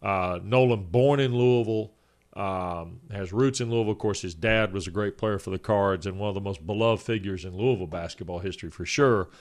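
A man in his fifties co-hosting a sports talk show, laying out his points in a measured, orderly way. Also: on the low side. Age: 50s. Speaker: sports radio co-host.

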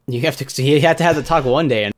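A man on a podcast panel, dropping crude one-liners with a deadpan delivery. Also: a little high, fast. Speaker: podcast co-host. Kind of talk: casual crude podcast banter.

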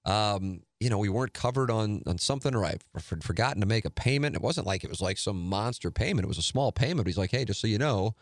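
Calm deep-voiced man, dry sound. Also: no room sound. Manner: calm, measured, conversational. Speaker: podcast host. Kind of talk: casual solo talk and live read.

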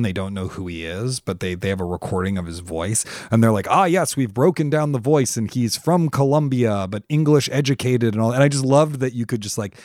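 A man co-hosting a podcast, talking in an animated, thoughtful way with many fillers. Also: low-pitched, no room sound, clean studio sound. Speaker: podcast co-host. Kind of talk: casual conversational chat.

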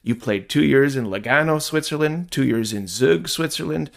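A man's voice: on the high side, lively intonation, normal speed, creaky. A male podcast host who reads out the guest's career and asks him questions. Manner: recaps the guest's career in a scripted way. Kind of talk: interview questions.

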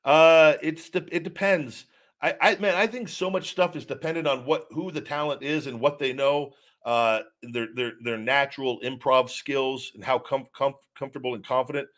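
A man's voice: medium pitch, steady tone, normal speed, a bit bright. A man hosting a live show, rambling candidly as he reads out viewer questions and answers them off the cuff. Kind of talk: casual live-stream chat.

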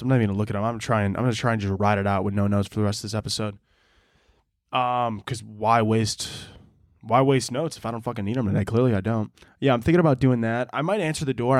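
A man's voice: mid-range voice, no echo. A man hosting a solo podcast, talking casually in a rambling, profane, joking way into a close mic. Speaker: podcast host.

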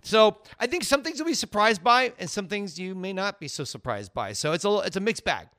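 A man's voice: sits high, big pitch swings, brisk, pushed and bright. A man co-hosting a podcast, chatting casually in an upbeat, jokey way. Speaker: podcast co-host.

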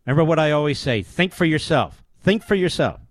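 A man's voice: fairly high pitch, lively intonation, brisk, dry recording. A man hosting a political talk show, delivering an emphatic, declamatory commentary monologue with lots of rhetorical repetition.

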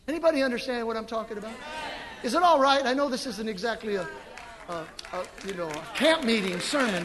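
A middle-aged man preaching a sermon as pastor, animated and emphatic, with sudden loud swells. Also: very high voice, brisk, in a large hall, a faint crowd. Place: church sanctuary.

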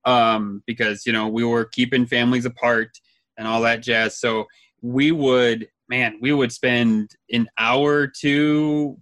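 A man in his thirties talks casually as a podcast co-host, rambling through his thoughts and breaking into laughs. His voice is bright and forceful. The sound is dry and close, with no room around it. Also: mid-range voice, steady tone, slow pace, dry recording. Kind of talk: casual chat.

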